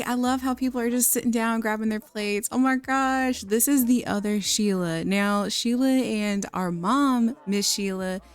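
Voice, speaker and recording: A woman giving casual, chatty gameplay commentary, gushing and laughing often as she walks through the scene. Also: medium pitch. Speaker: let's play creator.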